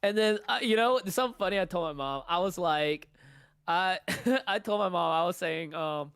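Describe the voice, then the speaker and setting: A man's voice: sits high, moderate pace, fairly bright tone, smooth, no echo, clean studio sound. Joking young male podcast co-host. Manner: joking, teasing, storytelling. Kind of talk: casual chat.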